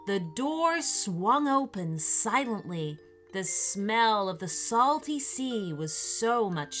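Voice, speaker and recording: A woman reading a children's story aloud in a gentle, expressive way, with faint music behind her. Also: mid-range voice. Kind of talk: scripted children's story narration.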